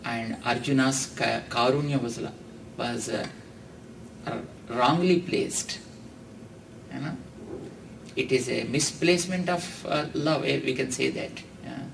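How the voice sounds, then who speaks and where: Slow-speaking Indian man giving a discourse. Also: medium pitch, creaky. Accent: Indian English. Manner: slow, explaining, with Sanskrit verses chanted and many "you know". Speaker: spiritual teacher giving a discourse. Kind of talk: religious discourse. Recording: distant mic with faint background noise.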